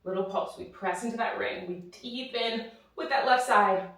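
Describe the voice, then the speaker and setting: A woman with a medium-pitched, slightly bright voice and a moderate pace leads a follow-along Pilates workout, out of breath as she encourages the class and counts reps. The instructor is recorded from a distance in a reformer studio with roomy reverberation.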